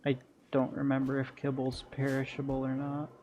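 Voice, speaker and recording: A man's voice: mid-range voice, completely flat delivery, moderate pace, a little mellow, lo-fi sound, a little hiss or hum. A man streaming a strategy game, muttering through his plans and chatting bluntly to viewers with crude humor. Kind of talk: casual gameplay commentary.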